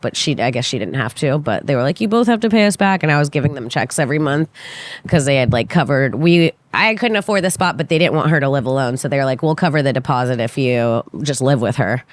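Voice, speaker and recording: A young woman on a podcast, casually telling a story in an animated way and acting out the quotes with big jumps in pitch. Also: dry recording. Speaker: podcast guest, comedian.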